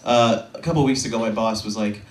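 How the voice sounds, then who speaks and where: Rambling young man doing stand-up, roomy and distant. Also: lowish voice. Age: 20s. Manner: rambling, self-deprecating, halting with fillers. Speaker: stand-up comedian. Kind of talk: stand-up set.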